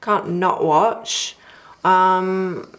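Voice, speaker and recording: A woman's voice: lowish voice, fairly even intonation, extremely slow. A woman co-hosting a casual chat with her partner, talking in a dry, teasing way. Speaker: co-host, host's partner.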